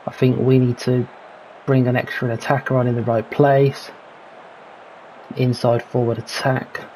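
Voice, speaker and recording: A man's voice: medium pitch, flat delivery, unhurried, darkish tone, a little hiss or hum, rough recording. A man giving casual let's-play commentary on a football management game, calling out players and thinking aloud about tactics. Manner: calls player names, mutters his own worries. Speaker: gaming commentator.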